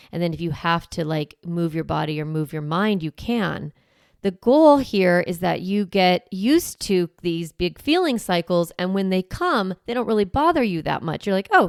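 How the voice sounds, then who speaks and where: A woman's voice: fairly low pitch, clear, resonant tone, no echo, studio quality. A woman podcast host coaching parents in a conversational, encouraging way. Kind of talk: podcast teaching monologue.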